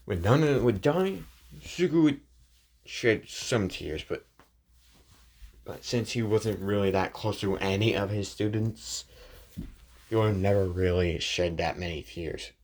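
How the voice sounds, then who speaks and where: Slow, low-voiced rambling storyteller man. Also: animated, a little mellow. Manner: hesitant, many fillers and restarts. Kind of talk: rambling fan-story narration. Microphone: phone screen recording.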